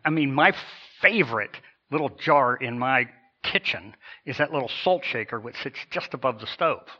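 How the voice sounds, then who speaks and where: A man's voice: medium pitch, lively intonation, moderate pace, lo-fi sound. A man preaching a sermon as a pastor, in a conversational style with asides and repeated words.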